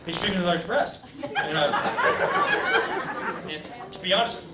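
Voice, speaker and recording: A man's voice: high-pitched, unhurried, creaky, distant mic, very noisy. A man doing a stand-up set in a comedy club, teasing the crowd with crude jokes. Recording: roomy club taped from afar, loud crowd.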